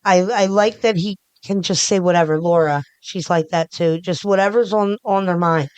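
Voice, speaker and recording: A woman's voice: lowish voice, normal speed, darkish tone, clear, resonant tone, no echo. A middle-aged woman from the Philadelphia area, a podcast guest chatting casually in a rambling way with many restarts. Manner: rambling, restarts often, talks with her hands. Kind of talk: casual interview chat.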